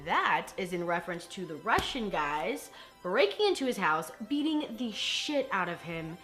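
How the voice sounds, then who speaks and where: A woman recapping a movie in a casual vlog, animated and gushing, laughing and cursing as she goes. Her voice is bright, somewhat high, and swings widely in pitch. Faint music plays underneath. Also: moderate pace. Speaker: vlog host reviewing movies.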